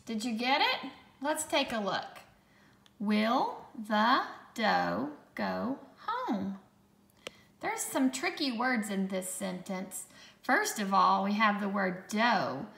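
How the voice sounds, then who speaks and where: A woman teacher giving a phonics lesson to children, speaking slowly and patiently and sounding out each dictation sentence word by word. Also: medium pitch, animated, vocal fry, a bit bright, echoey room.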